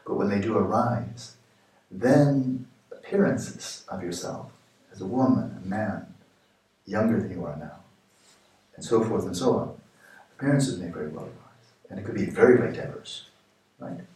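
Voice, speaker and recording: A man as a meditation teacher, giving guided meditation instruction in slow, questioning short phrases with pauses. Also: on the low side, lively intonation, warm tone. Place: retreat meditation hall. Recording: echoey room, distant mic.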